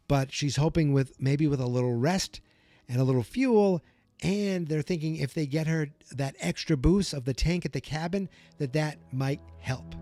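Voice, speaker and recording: A man hosting a solo podcast, recapping a TV episode and getting animated and worked up as he vents. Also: a little high. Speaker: podcast host.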